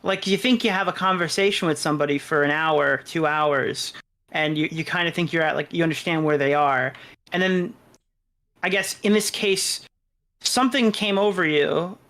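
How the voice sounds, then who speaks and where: A man on a call calmly questioning a guest, laying out a timeline and pressing him. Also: fairly high pitch, normal speed. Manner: calm, probing.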